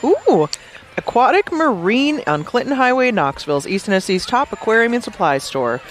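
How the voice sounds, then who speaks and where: A woman's voice: fairly high pitch, big pitch swings, moderate pace. A woman calls a night-time street parade live, trading easy banter and reading sponsor blurbs. She sounds chatty and amused. Faint vehicle noise hums in the background. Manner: chatty and amused, laughing often between scripted reads. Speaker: parade commentator.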